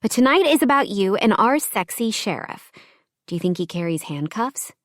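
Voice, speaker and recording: A woman voices a bubbly, teasing young woman friend, pitching above her own natural voice. Her medium pitch swings widely at a normal speed, captured in a dry, studio-quality recording.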